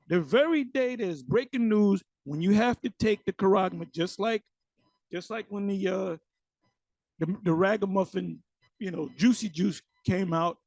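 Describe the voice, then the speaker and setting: A man's voice: high-pitched, moderate pace, darkish tone, no room sound. A man giving blunt, mocking commentary as he reacts to online videos. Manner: mocking, blunt, swears freely.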